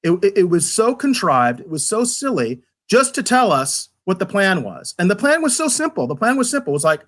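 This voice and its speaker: A man's voice: high voice, big pitch swings, fairly quick, few pauses, a bit bright. A man casually reviewing an episode on a podcast, rambling and stumbling over repeated words as he critiques with exasperation.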